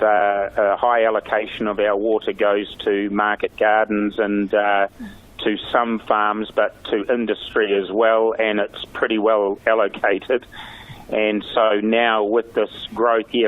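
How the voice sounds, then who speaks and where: A middle-aged New man speaks as a mayor on a radio show, his low voice coming through a tinny phone line. He talks in a flat tone, stopping and restarting often with plenty of fillers. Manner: halting, many fillers and restarts. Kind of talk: radio interview over the phone.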